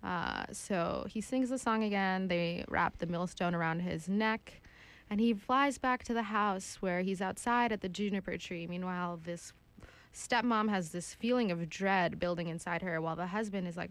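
A young woman casually retelling a dark fairy tale, lively and jokey with slangy asides. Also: mid-range voice, normal speed, smooth. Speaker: storyteller.

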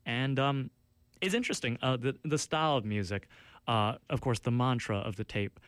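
A man's voice: mid-range voice, moderate pace, dry recording. A man hosting a campus radio show from the studio, rambling through track notes with many fillers and restarts, and poking fun at himself. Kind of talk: casual radio show chat. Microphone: studio mic.

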